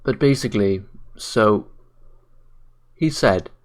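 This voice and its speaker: Sleepy guy ranting and swearing, kinda low voice, blunt and mocking. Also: slow pace. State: tired, late at night. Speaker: commentary vlogger. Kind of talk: ranting commentary.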